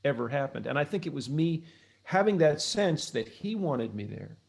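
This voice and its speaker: Guesting on an interview show, a middle-aged blues harmonica player and author from the United States tells long, reflective stories, restarting often. He speaks at a moderate pace in a fairly high, expressive, gravelly voice, casual in tone.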